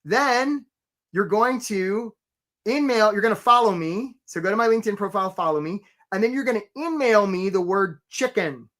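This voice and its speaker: A man's voice: high voice, normal speed, a bit bright. Upbeat man hosting a live webinar. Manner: chatty and upbeat, addressing viewers by name. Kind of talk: energetic live webinar presentation.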